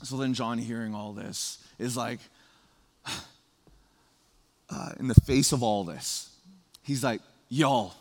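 A man preaching a sermon as pastor, animated and playful, laughing at his own jokes. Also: mid-range voice, slow pace, gravelly, long pauses, long reverb tail, a little hiss or hum.

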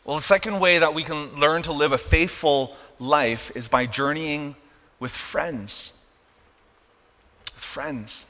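A man's voice: fairly high pitch, moderate pace, hardly any pauses, pushed and bright. A male pastor preaching a sermon in a conversational way, often checking in with his listeners. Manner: conversational, keeps asking "right?". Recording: long hall reverb.

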